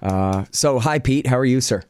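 A man's voice: medium pitch, normal speed, a little mellow, clean tone, dry recording. A man hosting a casual Q and A show, talking in a rambling, self-deprecating way with plenty of fillers and the odd curse. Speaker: podcast host. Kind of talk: casual Q and A chat. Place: home office.

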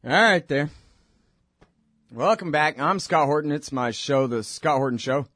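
A man's voice: fairly high pitch, measured pace, fairly bright tone, no echo, studio quality. A man hosting his own radio show, rambling informally and wryly between plugs. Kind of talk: casual monologue with plugs.

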